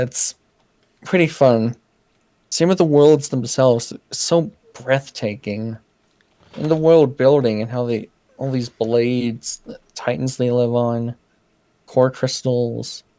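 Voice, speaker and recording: A man's voice: mid-range voice, slow, dark tone. A man co-hosting a podcast, chatting casually and gushing with enthusiasm about what he loves. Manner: enthusiastic, gushing with fan praise. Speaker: podcast co-host.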